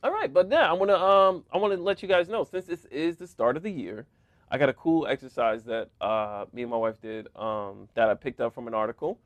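A man's voice: mid-range voice, fairly quick, no echo. A man co-hosting a casual podcast, joking around and laughing often as he talks. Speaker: podcast co-host. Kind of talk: casual chat.

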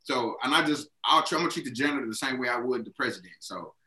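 A man's voice: mid-range voice, quick pace, roomy sound, rough recording. A young man co-hosting a podcast, telling stories in casual chat, slangy and swearing freely. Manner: animated storyteller, swears a lot, slangy. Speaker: podcast co-host.

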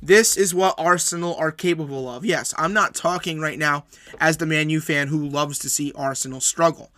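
A man's voice: on the high side, moderate pace, pushed and bright, no echo. A man hosting a solo sports podcast, recapping match results and making emphatic, opinionated predictions that he repeats for weight.

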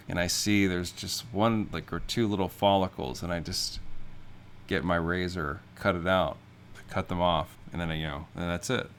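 A podcast co-host with a low, pushed, bright voice spins rambling, absurd stories in casual comedic chat, full of fillers. There's slight background noise.

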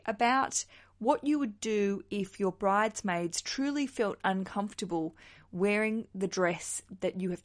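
Woman, podcast host, chatty, bubbly, self-mocking, rambling, mid-pitched voice. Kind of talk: solo podcast talk.

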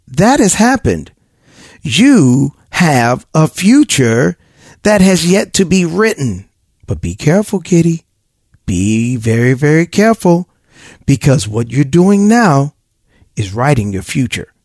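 A man's voice: fairly high pitch, a little mellow, dry recording, studio quality. A man hosting an advice podcast, talking in an emphatic, preachy way and laughing often.

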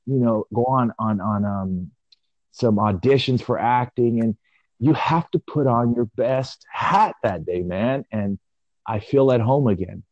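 A man in his forties co-hosting a casual chat, reflective and rambling, with drawn-out pauses. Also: lowish voice, darkish tone, no echo. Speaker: podcast co-host. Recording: dull lo-fi audio.

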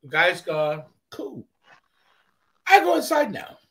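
A man from Canada tells a long, crude story as a podcast host. He speaks fairly high and swings his pitch all over. His delivery is loose and profane, slipping into quick acted bits. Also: vocal fry. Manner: profane, animated, acts out scenes. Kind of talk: casual storytelling.

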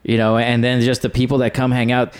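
A man who hosts a late-night comedy show, chatting casually on a podcast and telling animated stories with plenty of swearing. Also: mid-range voice, brisk, smooth. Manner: animated storyteller, swears freely. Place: small home studio.

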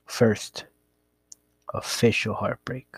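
A man's voice: on the low side, little pitch movement, takes it slowly, slightly rough, no room sound. A young man casually telling a rambling, profane story about his past. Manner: rambling, profane, laid-back.

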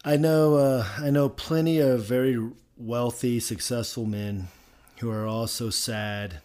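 A man's voice: medium pitch, steady tone, measured pace, a little mellow, smooth. A man co-hosting a podcast, speaking emphatically and pastorally, repeating key points for emphasis. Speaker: podcast co-host, company founder. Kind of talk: casual podcast conversation.

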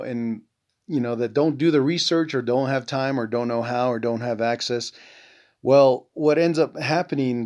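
Mid-range and darkish, the voice belongs to a veteran from the Navajo Nation hosting a podcast. He delivers a casual monologue bluntly, with profanity and plenty of "you know."

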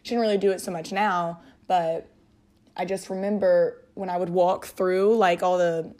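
A woman's voice: fairly low pitch, flat delivery, normal speed, darkish tone. Chatty rambling woman podcaster. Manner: rambling, filler-heavy, chatty, amused by herself. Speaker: podcast host. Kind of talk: casual solo podcast monologue. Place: at home, alone.

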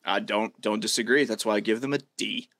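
A man's voice: lowish voice, steady tone, a little fast, gravelly, a bit bright, no room sound. A man in his late thirties co-hosting a casual sports podcast, joking crudely and swearing freely. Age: late 30s. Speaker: podcast co-host.

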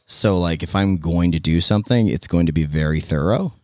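Low-voiced Californian man, rambling podcast guest. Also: fairly quick, no echo, clean studio sound. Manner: rambling, many restarts and fillers, animated asides. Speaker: podcast guest, former radio host and event MC. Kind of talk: casual interview chat.

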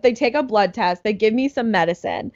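Animated young woman telling a story. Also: mid-range voice, fairly quick, no room sound, muffled recording. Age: young adult. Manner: animated storytelling, laughing, acting out others' lines. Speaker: storyteller in a chat. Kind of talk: casual chat.

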